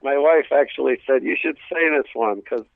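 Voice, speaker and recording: A man's voice: medium pitch, moderate pace, creaky, dry recording. New York man on a tinny phone line. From New York City. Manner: storytelling with acted family voices, many restarts. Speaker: stand-up comedian guest. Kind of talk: casual radio interview chat.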